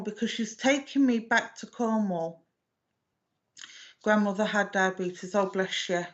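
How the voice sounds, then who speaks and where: A psychic medium, a woman, gives a live online reading, speaking gently and with affection while hesitating and restarting often. Her voice sits in the mid-range and moves at a measured pace, and the audio sounds dull.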